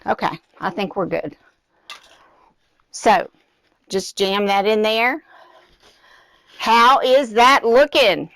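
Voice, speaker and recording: A woman's voice: medium pitch, slow pace, pauses often, a bit bright. A middle-aged woman hosting a live craft demonstration, chatting directly to her viewers and slightly out of breath. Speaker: craft tutorial host.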